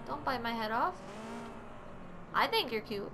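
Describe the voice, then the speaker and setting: A woman hosting a gameplay video, talking through the action in a chatty, giggly way with frequent laughs and playful outbursts. Her voice sits fairly high. Faint background noise hums under the commentary. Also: a little slow, long pauses. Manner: excitable playful exclamations. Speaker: gaming channel host. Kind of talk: let's play commentary.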